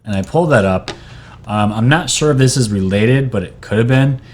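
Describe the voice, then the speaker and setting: A man's voice: medium pitch, a little fast. A man who hosts a channel, talking casually about what he reads from a screen, with frequent hesitations and restarts. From New York. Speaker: channel host. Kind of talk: casual commentary reading from a screen.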